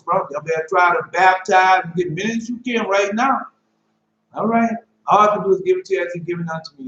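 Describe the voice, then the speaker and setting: Male preacher, high voice, excitable and slangy, dull echoey lo-fi recording. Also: a little hiss or hum. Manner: excitable, preachy, slangy, keeps saying "man" and "boy". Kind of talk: informal sermon and Bible teaching. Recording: echoey room, dull lo-fi sound.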